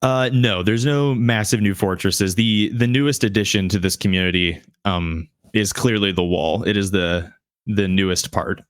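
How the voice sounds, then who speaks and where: Male game master, lowish pitch, halting delivery, dry mic. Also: clean tone, no room sound. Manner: halting, many restarts and fillers. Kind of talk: narrating a tabletop game.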